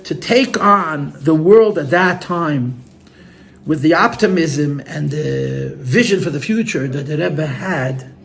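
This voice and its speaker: Addressing listeners in a room, this rabbi shares heartfelt stories, repeating phrases and weaving in Yiddish and Hebrew words. He speaks slowly in a slightly high, creaky voice that's a bit bright.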